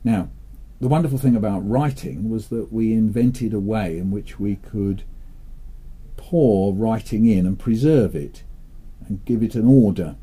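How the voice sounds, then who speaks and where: An older man from England chats in a relaxed interview, dry and playful, slipping into animated storytelling. His voice is very dark and mellow, with a husky edge, sitting a little low in pitch. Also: unhurried. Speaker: interviewee, children's author. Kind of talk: relaxed interview chat with joke-telling.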